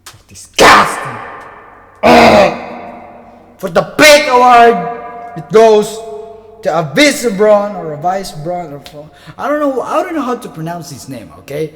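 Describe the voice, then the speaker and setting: High-voiced man hyping mock anime awards. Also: big pitch swings, slow pace, vocal fry. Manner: hyped, theatrical, with sudden shouts and mutters. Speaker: anime reviewer. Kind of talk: mock award-show announcing. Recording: long reverb with music underneath.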